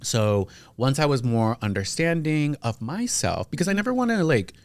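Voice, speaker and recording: A man's voice: mid-range voice, sing-song, moderate pace, no echo. A young man talking as a podcast guest in a casual, heartfelt chat. He is openly emotional and acts out his family members' lines in quoted voices. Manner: openly emotional, talks about feelings.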